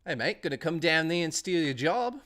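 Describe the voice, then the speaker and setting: A man's voice: a little high, sing-song, normal speed, fairly bright tone. A man voicing a brash Australian guy who comes to steal someone's job, with a cheeky, drawling mock-Aussie manner.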